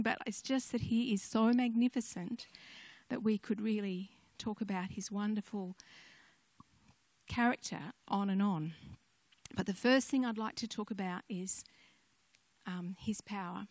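Older woman preacher, gentle storyteller, dry close sound. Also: mid-range voice, measured pace, no echo. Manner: gentle storytelling, conversational asides. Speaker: speaker sharing a devotional message. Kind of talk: personal testimony sermon.

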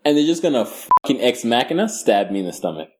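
A man riffing on a podcast with a lively, bouncing voice that leaps up and down as he tells stories. He swears freely and laughs through his own jokes, loose and animated. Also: medium pitch, quick pace. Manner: animated, profane, laughing storyteller. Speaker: podcast co-host. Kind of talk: casual podcast banter.

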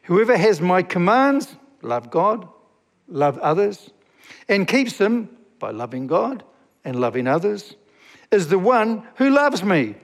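A man preaching a sermon as a pastor, reading scripture slowly and asking the congregation questions. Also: high-pitched, big pitch swings, long reverb tail.

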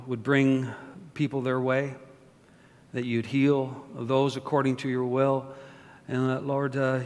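Slow-speaking pastor in a reverberant hall. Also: male voice, mid-range voice. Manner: joking, asks the congregation questions. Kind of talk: sermon with prayer. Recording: long reverb of a large hall.

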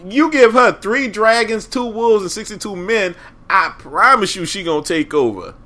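A man's voice: sits high, lively intonation, normal speed, bright, forceful tone. A man co-hosting a podcast in casual chat, giving blunt, joking opinions in slang.

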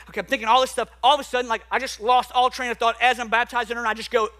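A man's voice: extremely high pitch, steady tone, racing, few pauses, pushed and bright. A young man preaching an earnest, emphatic sermon to a church congregation, often repeating words as he builds up. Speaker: pastor. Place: church sanctuary.

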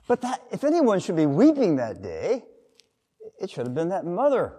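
A man's voice: on the high side, wildly swooping pitch, moderate pace, mellow. A man preaching a sermon in a conversational way, sometimes acting out quotes. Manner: conversational, with acted-out quotes and asides. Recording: long reverb of a large hall.

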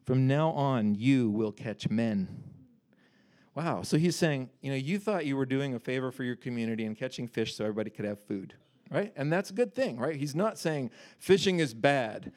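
A man preaching a casual sermon, reading scripture and paraphrasing it in a lively, conversational way. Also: mid-range voice, brisk. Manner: animated, conversational, breaks off to joke and paraphrase.

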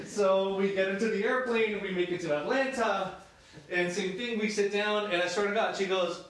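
A man preaching a sermon as a pastor, telling a story in a relaxed, conversational way. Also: high voice, normal speed. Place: church sanctuary. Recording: very echoey room from a distance.

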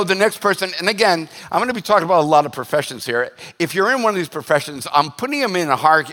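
A man preaching to his congregation in a bright, forceful voice pitched a little high. He talks in an animated, joking way, breaking into quick voiced asides. A long reverb from the church hall hangs on every phrase. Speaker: pastor. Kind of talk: sermon.

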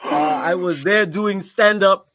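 A man playing a banished French woman comic with a put-on French accent, speaking in a halting, earnest way. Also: sits high, crowd noise.

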